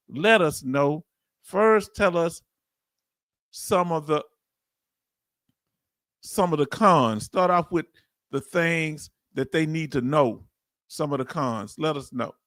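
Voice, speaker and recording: A man's voice: a little high, takes it slowly, pauses often, dry recording, studio quality. Southern man hosting a chat livestream. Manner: chatty, reads chat aloud, bursts of laughing excitement. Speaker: veteran livestream host. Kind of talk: casual livestream chat reading comments.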